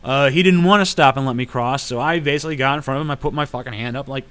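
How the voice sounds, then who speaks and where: A man's voice: a little high, a little fast, hardly any pauses, sharp tone, smooth. A man in his late twenties answering viewer questions in a casual vlog, blunt and profane, ranting at times. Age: late 20s.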